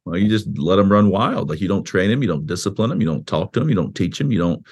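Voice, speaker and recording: Low-voiced pastor, animated and conversational. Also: male voice, fast talker, slightly rough. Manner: animated, acts out quoted speech with a raised voice; conversational with frequent restarts and "you know". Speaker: pastor and author, interview guest. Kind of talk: explaining in a podcast interview.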